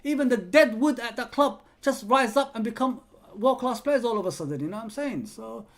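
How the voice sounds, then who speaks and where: A man hosting a live football watch-along, excitably calling the play, yelling at players and chatting with viewers. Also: extremely high pitch, a little fast. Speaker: fan channel host reading live chat.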